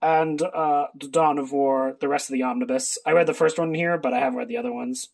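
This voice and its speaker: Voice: medium pitch, fairly even intonation, a little fast, gravelly. Sarcastic booktuber, rambling casual haul, swears freely. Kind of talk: casual book haul video.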